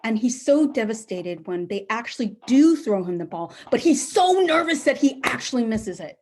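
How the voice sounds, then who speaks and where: A middle-aged woman telling a personal story on a live stage, animated and acting out the people she quotes. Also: moderate pace. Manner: animated, acts out quoted voices with big pitch jumps.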